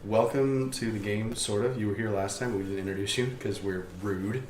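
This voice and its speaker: A man's voice: fairly low pitch, steady tone, a little fast, darkish tone, slight background noise. A man narrating as game master, recapping with playful, frequent laughter. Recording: roomy echo.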